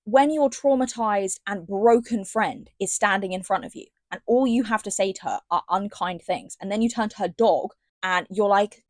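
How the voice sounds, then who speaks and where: A woman's voice: medium pitch, normal speed, few pauses, a little mellow, no room sound. A woman giving a sarcastic, slangy casual book review, reading passages aloud between rants. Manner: sarcastic, ranting, slangy asides.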